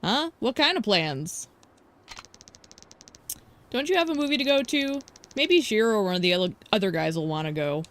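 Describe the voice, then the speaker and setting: A woman's voice: medium pitch, big pitch swings, moderate pace, long pauses, lightly acted. A woman reading as a snooty teenage girl. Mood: dismissive. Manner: dismissive, snippy.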